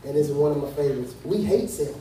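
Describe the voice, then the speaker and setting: A man's voice: on the high side, fast, mellow, slight background noise. A male pastor preaching a casual, joking sermon that turns emphatic and earnest. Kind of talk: conversational sermon. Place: church sanctuary. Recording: echoey hall from a distant mic.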